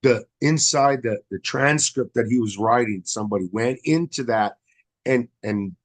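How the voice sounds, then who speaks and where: A man's voice: mid-range voice, normal speed. A man co-hosting a casual political talk show, rambling and agreeable, full of fillers. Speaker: podcast co-host.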